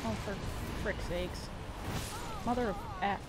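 A woman's voice: mid-range voice, measured pace, loud music behind the voice. A young woman streaming a video game, playfully exclaiming at the action and chatting with her viewers. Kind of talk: live gameplay commentary.

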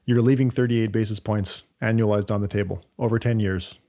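A man's voice: fairly low pitch, fairly even intonation, brisk, dark tone. A man with a Canadian accent co-hosting a podcast, explaining data step by step in casual chat with frequent fillers and restarts. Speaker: podcast co-host.

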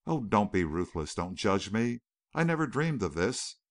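A man voicing a distraught young wealthy city woman in an audiobook, pleading and breaking off in halting repeats. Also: fairly low pitch, sing-song.

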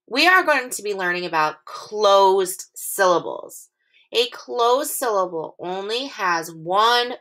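A woman teaches young children a phonics lesson, patient and encouraging, drawing out her sounds slowly and clearly. Her voice is lowish with a sharp tone.

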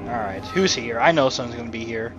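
A man's voice: mid-range voice, animated, fast talker. Rambling man narrating his gameplay. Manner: rambling, chatty self-talk with frequent asides to the game. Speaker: let's play commentator. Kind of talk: casual gameplay commentary. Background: game music.

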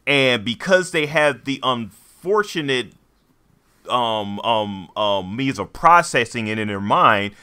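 A man's voice: medium pitch, lively intonation, takes it slowly, bright, forceful tone, clean tone. A man co-hosting a podcast, chatting casually and rambling with many fillers and restarts. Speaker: podcast co-host. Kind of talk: casual chat.

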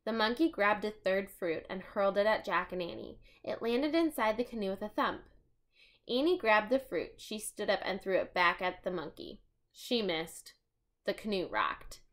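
Expressive woman reading a children's book. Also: mid-range voice, normal speed. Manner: expressive, chatty asides. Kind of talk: reading a storybook aloud.

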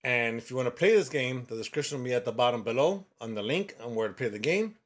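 A man giving horror game commentary as a channel host, excitable and quick to yell when startled. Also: medium pitch.

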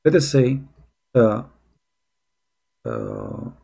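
A man giving critical commentary on a played video clip, mocking and sarcastic, halting with many fillers. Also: on the low side, huge pitch swings, gravelly, dark tone, slightly rough. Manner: mocking and sarcastic, keeps calling the listener brother.

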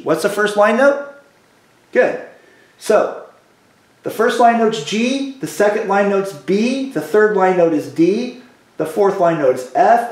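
A man teaching a recorded music lesson, with a fairly high voice and an unhurried pace. He drills his students patiently, leading call-and-response repetitions. The sound carries an echoey room around him.

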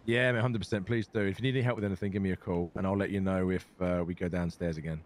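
Man, very low voice, rapid and sweary, faint background noise. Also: steady tone. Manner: swears a lot, says "mate" constantly. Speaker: roleplay player. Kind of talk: casual in-game chat.

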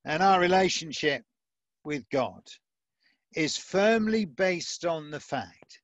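Slow, measured male preacher. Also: fairly high pitch, a bit bright, no room sound. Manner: measured, emphatic, with light humour. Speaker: pastor. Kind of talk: sermon. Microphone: video call.

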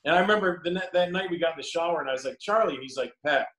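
A middle-aged man tells lively stories from the mound and acts out each voice in them. His voice sits slightly high, and the room around him gives it a clear echo. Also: very fast. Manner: animated anecdotes, acts out dialogue. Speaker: former pitcher, guest. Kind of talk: storytelling on a video call. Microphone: video call. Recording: echoey room on a call.

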